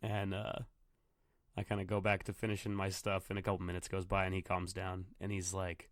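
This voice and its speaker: Man host, casual profane storyteller, smooth clear tone, dry close sound. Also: low-pitched, monotone, fairly quick, no room sound. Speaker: podcast host, bartender. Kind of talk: casual solo podcast monologue. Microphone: computer microphone.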